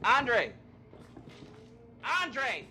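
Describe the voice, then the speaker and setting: A man's voice: extremely high pitch, very animated, drawn-out words, bright, forceful tone, a little hiss or hum, exaggerated voice. An actor playing a crude, sarcastic male TV host in a video game, swearing freely. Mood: agitated. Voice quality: sarcastic, profane. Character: brash crude male TV host, middle-aged. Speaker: TV show host.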